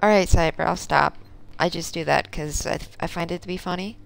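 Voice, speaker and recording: A woman's voice: lowish voice, a little fast, vocal fry. A woman streaming a game, chatting casually and teasing her viewers by name. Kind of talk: casual live-stream chat answering viewers.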